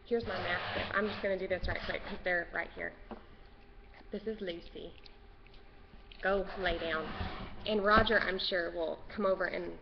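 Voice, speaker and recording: A Texan woman with a lowish, gravelly voice and steady tone hosts a casual craft podcast from home at moderate pace. She's nervous and rambling, easily sidetracked, and the lo-fi sound is dull, with long reverb and faint noise.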